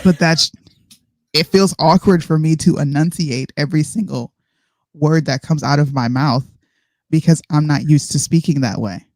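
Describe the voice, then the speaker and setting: A woman with a North Carolina accent co-hosting a casual live-stream chat, slangy and quick to laugh. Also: sits low, dry recording, clean studio sound. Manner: laughs easily, slangy, relaxed. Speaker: co-host.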